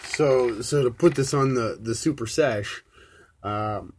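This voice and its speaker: A man hosting a solo live podcast, ranting in a rambling, profane way, swinging from loud outbursts to low mumbles. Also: slow pace, slight background noise. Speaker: podcast host.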